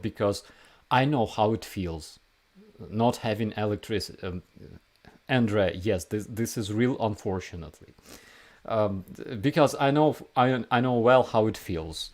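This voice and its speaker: A man's voice: lowish voice, a little slow. A young man giving casual video commentary, hesitant and full of fillers, with a mocking edge. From Ukraine. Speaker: video blogger.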